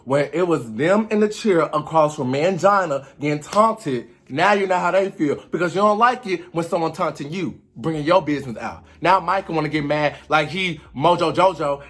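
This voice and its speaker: Young guy doing a sassy reality show recap, kinda high voice, mimics everybody. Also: quick pace, hardly any pauses. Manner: animated, imitates cast members' lines, sassy slang. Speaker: commentary host.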